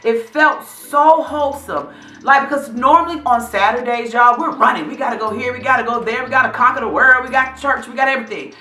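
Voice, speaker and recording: A bright, forceful woman's voice, middle-aged and chatty, speaking warmly to her viewers. The room sounds echoey, with faint music playing behind her. She talks in a relaxed, encouraging way. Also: fairly high pitch, a little fast. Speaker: vlog host. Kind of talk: casual chat to viewers.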